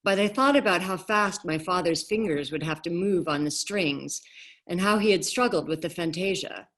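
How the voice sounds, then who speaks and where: A woman author reading her novel aloud in a measured, expressive way over a video call. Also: fairly low pitch.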